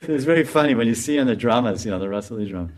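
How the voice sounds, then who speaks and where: A man giving a storytelling sermon as a spiritual teacher, animated and laughing as he tells it. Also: mid-range voice, quick pace. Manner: animated, laughs while telling.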